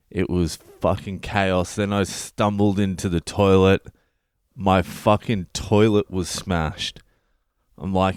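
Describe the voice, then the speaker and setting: A man's voice: sits low, clear, resonant tone, no room sound, studio quality. A middle-aged Australian comedian telling a story in a profane, comic way. He swears constantly and acts out his own lines. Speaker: comedian and podcast host.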